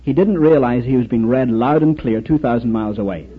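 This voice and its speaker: A man giving a storytelling sermon talk, recounting anecdotes and quoted exchanges in an animated way. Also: medium pitch, fairly quick, narrow, tinny audio, a little hiss or hum. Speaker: speaker addressing an audience.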